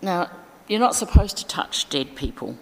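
A woman's voice: on the low side, very animated, moderate pace, big-room sound. A woman giving a chatty, informal sermon in a church, with asides and fillers. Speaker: preacher.

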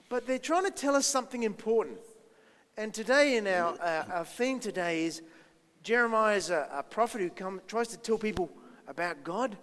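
Pastor, male, high voice, friendly children's talk with questions, long church reverb. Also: fairly bright tone. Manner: chatty, self-deprecating, asks the children questions.

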